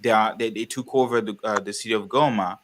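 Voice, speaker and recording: Bright-voiced man from the Congo. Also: on the low side, quick pace, a little hiss or hum. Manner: animated, rambling, with frequent restarts. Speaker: panelist. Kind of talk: live online panel conversation.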